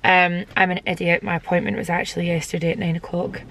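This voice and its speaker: A young Scottish woman chatting casually to camera as a vlogger, self-deprecating and full of quick asides. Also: on the low side, level tone, a bit bright, slight background noise. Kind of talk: casual vlog chat.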